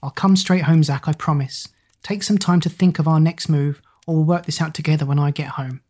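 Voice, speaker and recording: A woman's voice: low-pitched, fairly even intonation, fairly quick, warm tone. A woman voicing a troubled, moody schoolgirl, sulky and nervous.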